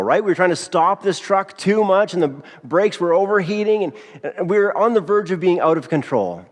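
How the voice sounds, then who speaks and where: A male pastor delivering a sermon in a relaxed, conversational way, often checking in with the room with quick rhetorical asides. His voice sits a little high for a man, and it rings out with the long reverb of a church sanctuary.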